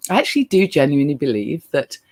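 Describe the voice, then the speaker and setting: A woman's voice: sits low, sing-song, fast, darkish tone. A middle-aged woman giving a candid motivational stage talk, earnest, with frequent ums. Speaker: speaker and holistic living author.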